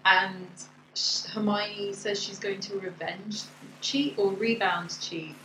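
A woman's voice: medium pitch, steady tone, slow pace. A woman co-hosting a podcast, recapping the plot and agreeing readily. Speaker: podcast co-host. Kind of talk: casual chat reviewing a musical. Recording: echoey room with faint noise.

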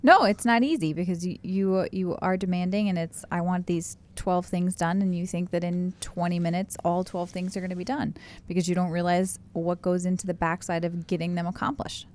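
A woman co-hosting a podcast with her husband, a self-described fast talker in casual chat. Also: lowish voice, fairly even intonation, darkish tone. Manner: fast-talking, laughs often. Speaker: podcast co-host.

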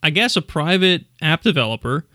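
A man's voice: fairly high pitch, very animated, normal speed, pushed and bright, dry recording, clean studio sound. A man hosting a podcast in casual chat, rambling through stories and laughing often. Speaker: podcast host.

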